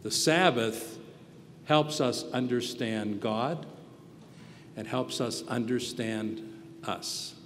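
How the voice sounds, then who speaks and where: A male pastor delivering a sermon in an earnest, preaching manner, dropping to quiet reflective tones and then rising to forceful emphasis. His voice sits at an ordinary middle pitch. The sound carries a long echo of a large hall, with a faint hum of room noise underneath. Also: takes it slowly, pauses often. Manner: earnest preaching, swinging between soft reflection and loud emphasis. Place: church hall.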